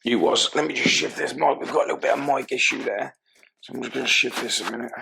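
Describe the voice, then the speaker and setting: Guy hosting a podcast, asks stuff slowly and carefully. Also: mid-range voice, gravelly, bright, forceful tone. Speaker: podcast host. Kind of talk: interview questions.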